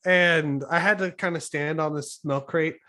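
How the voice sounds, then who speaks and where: A man's voice: fairly high pitch, steady tone, normal speed, sharp tone. A man co-hosting a podcast, chatting casually in a rambling, profane way. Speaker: podcast co-host. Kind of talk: casual chat.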